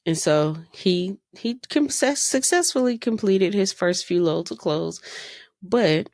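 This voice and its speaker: A woman's voice: mid-range voice, animated, slow pace, darkish tone, no room sound, clean studio sound. A woman in her thirties hosting a podcast, telling stories in a casual, exasperated way and firing off rhetorical questions. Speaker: podcast host. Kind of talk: casual monologue.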